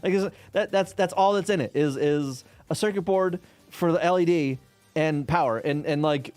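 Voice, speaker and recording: A man's voice: on the high side, normal speed, darkish tone, dry recording, soft background music. A man live-streaming while reverse engineering game code, chatting casually and rambling, with frequent swearing, laughter and restarts.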